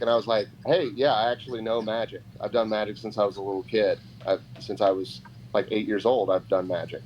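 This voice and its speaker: A fairly low-voiced man tells a story on a podcast, sliding into the voices of the people he quotes. The audio is dull and lo-fi with a faint hiss behind him. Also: a little fast. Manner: animated, acts out quoted voices. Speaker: podcast guest, pro wrestler. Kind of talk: casual storytelling.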